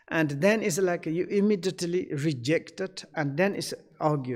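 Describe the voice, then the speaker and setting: Halting, higher-voiced male dharma teacher. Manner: halting English, many fillers, acts out quoted dialogue. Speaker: Buddhist teacher.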